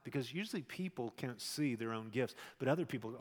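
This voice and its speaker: Male pastor, conversational sermon, swings loud then soft, mid-pitched voice, long hall echo. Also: expressive, brisk, few pauses, breathy edge. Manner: conversational preaching, shifts between loud emphasis and quiet asides.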